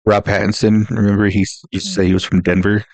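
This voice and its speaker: A man's voice: lowish voice, little pitch movement, fast talker, creaky, no room sound. A man co-hosting a casual movie podcast, telling stories in an easygoing way. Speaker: podcast co-host.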